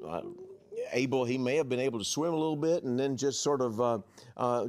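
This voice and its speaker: A man preaching a sermon, reading scripture aloud and explaining it in a conversational way, raising his voice for quoted lines and dropping low for asides. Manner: animated, rising loud when quoting, dropping low for asides; conversational with fillers and self-corrections. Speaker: pastor.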